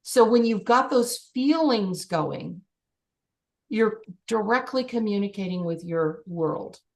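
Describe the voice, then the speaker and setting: A middle-aged woman working as a life coach, guiding a client and acting out scenes with animated excitement. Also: mid-range voice, slow.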